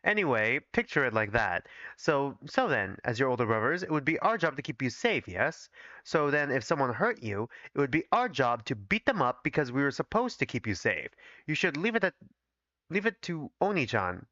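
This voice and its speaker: Scheming protective doctor, voiced by a man, coaxing and calm about murder, dull dry audio. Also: mid-range voice, moderate pace, no room sound. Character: scheming male doctor, protective older-brother type.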